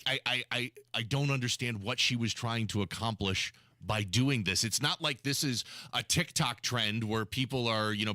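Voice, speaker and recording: A man's voice: medium pitch, pushed and bright, no echo, clean studio sound. A man hosting a talk radio show, chatting casually and often repeating words as he starts a sentence. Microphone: studio microphone.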